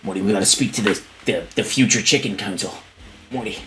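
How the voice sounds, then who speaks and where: A man doing a quick impression of a cranky old male cartoon scientist, gruff and rambling, bossing his grandson around. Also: fairly low pitch, music in the background, lightly acted. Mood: scolding.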